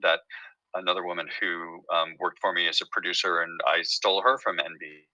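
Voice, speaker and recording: A man's voice: low-pitched, steady tone, fairly quick, pushed and bright, no room sound, muffled recording. A man who creates and writes a TV show, telling his story in a casual interview with many fillers and restarts.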